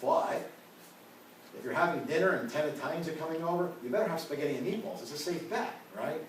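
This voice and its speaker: An ethics instructor lectures in a lecture room, mixing in personal anecdotes and peppering his talk with "you know" and "right?" in a casual way. His voice sits on the high side and is animated and fast. A distant room mic picks him up in a very echoey space, far off, with faint hiss.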